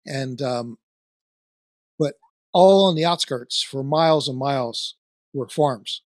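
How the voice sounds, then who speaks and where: A man's voice: mid-range voice, slow pace, dry recording. Man, Philadelphia-area accent, podcast host, rambling, many fillers, dry close sound. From New Jersey, near Trenton. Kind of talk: casual interview chat.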